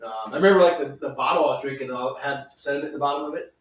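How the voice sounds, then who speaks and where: A man's voice: medium pitch, rapid-fire. A middle-aged man co-hosting a homebrewing show, rambling and laughing through casual chat. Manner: rambling, laughs often, animated storyteller. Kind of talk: casual chat while brewing. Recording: echoey room, far from the mic, dull sound.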